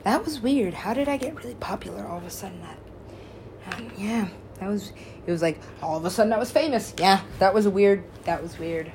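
A woman's voice: medium pitch, fairly quick, noisy background. Rambling woman telling a wild story. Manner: rambling, swears freely, laughs often. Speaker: musician and DJ. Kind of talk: casual storytelling.

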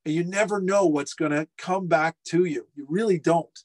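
Middle-aged man, lively anecdotal storyteller, restaurateur guest, fairly high pitch, video call. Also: moderate pace. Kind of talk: casual storytelling interview. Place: home furnace room.

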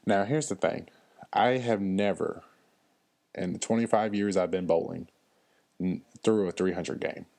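A man's voice: low voice, unhurried, vocal fry, pauses often, a little mellow. A man, hosting a solo podcast and telling stories in a loose, chatty way with lots of fillers. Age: 30s. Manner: chatty, loose storytelling with frequent fillers and laughs. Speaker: podcast host. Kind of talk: casual solo podcast monologue.

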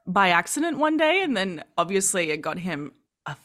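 A woman co-hosting a podcast in casual chat, candid and quick to laugh, swearing freely. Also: lowish voice, very animated, fairly bright tone. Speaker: podcast co-host.

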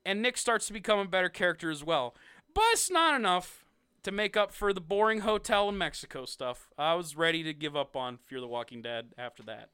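Lively, bright-voiced young man ranking episodes. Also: high-pitched, a little fast, smooth, dry recording, clean studio sound. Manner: sarcastic, laughs often, animated. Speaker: podcast co-host. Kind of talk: casual ranking review chat.

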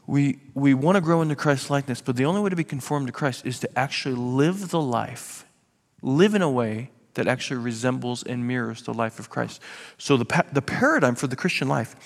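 A man's voice: medium pitch, creaky. A man preaching a sermon as pastor, emphatic and sarcastic, often restarting his words, in a church. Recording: reverberant hall.

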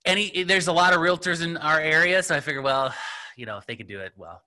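A middle-aged real estate agent talks casually and at length about his career. His voice is bright and forceful, and his speech is full of fillers. He slips into other voices to act out the dialogue he quotes. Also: on the high side, fast. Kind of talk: casual storytelling interview.

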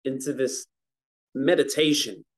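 A man leads a relaxed Torah class at a middle pitch. He talks to his students conversationally and stretches out Hebrew verses when he chants them. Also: a little slow. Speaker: rabbi teaching a prayer-book class.

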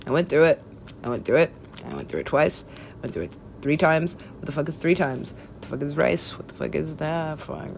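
Woman with a gravelly, fry-heavy voice in casual monologue; loose, profane, stream-of-consciousness delivery. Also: low-pitched, animated, a little fast, darkish tone, slight background noise.

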